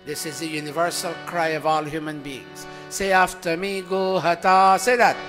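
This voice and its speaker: Preacher guy, high bright voice, slow and dramatic, hall echo, bit of music under it. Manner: dramatic, swings from loud chant to hushed tones. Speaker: spiritual teacher leading satsang. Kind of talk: sermon with call-and-response chanting. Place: large hall before a congregation. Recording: long hall reverb, faint music behind.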